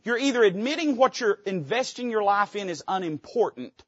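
A man's voice: high-pitched, lively intonation, moderate pace, no echo, dull audio. A male pastor preaching from a church pulpit, emphatic and folksy. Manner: emphatic, folksy, quotes old scripture aloud. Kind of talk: sermon.

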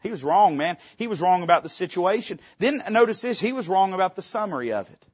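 A man preaching with fervor, his voice sitting high and swinging between loud climbs and low, drawn-out falls. He leans on dramatic pauses to drive each point home. The recording sounds dull and lo-fi. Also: animated, slightly rough. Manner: emphatic, rising and falling with dramatic pauses. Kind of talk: sermon.

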